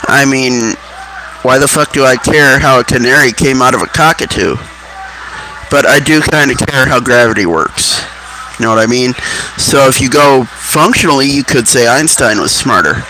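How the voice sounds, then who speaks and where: A man's voice: medium pitch, moderate pace, pushed and bright, a little hiss or hum, poor audio. A man casually telling rambling stories and musing aloud, offhand and profane. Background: music.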